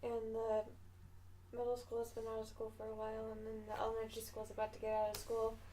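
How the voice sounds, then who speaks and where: A young woman guest chatting casually on a podcast at home, quick to laugh. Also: fairly high pitch, completely flat delivery, dark tone, a little hiss or hum, low-quality recording. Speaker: guest, channel artist.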